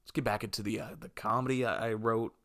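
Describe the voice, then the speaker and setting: A young man hosting a solo podcast, rambling through comic stories and acting out scenes in yelpy high voices, self-mocking and loose. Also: fairly even intonation, fast, a bit bright. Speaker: podcast host. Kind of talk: solo comedic podcast monologue.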